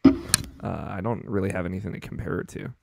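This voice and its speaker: A man hosting a podcast, chatting in a relaxed, agreeable way about a movie. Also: deep voice, fast talker, gravelly, music in the background. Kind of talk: casual chat.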